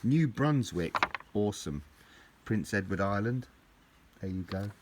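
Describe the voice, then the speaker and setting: A man's voice: on the low side, lively intonation, measured pace, noisy background. A middle-aged man, chatting casually as he opens parcels, gushing and rambling with lots of repeats. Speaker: collector vlogger opening parcels. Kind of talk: casual unboxing chat.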